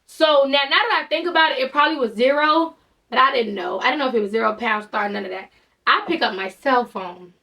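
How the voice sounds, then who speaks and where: Bright high-voiced woman telling a story. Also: a little fast, vocal fry, far from the mic. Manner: animated, exasperated storytelling with lots of fillers. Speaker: vlogger. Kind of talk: casual storytime.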